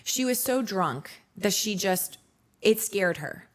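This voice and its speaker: A woman in her forties, appearing as a podcast guest, tells her life story frankly and bluntly as candid personal testimony. Her voice is medium in pitch, expressive, and slow.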